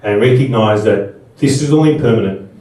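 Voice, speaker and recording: At normal speed and in a mellow, mid-range voice, a middle-aged man shares anecdotes conversationally with a live audience at a Buddhist seminar, often starting over. The room is very echoey, and he sounds far off.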